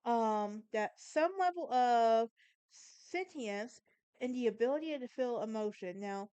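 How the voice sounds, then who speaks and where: Hosting her own laid-back podcast, a young woman from Alabama with a Southern accent rambles through a story, frequently tripping over words and fixing them. She sounds fairly high, expressive and a little mellow, clear and resonant, at a measured pace in a dry recording.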